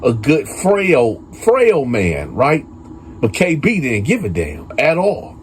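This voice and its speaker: A man's voice: mid-range voice, huge pitch swings, slow. Male storyteller host, casual and chatty, mid-range voice, faint background noise. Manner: conversational, addresses viewers as y'all, many fillers.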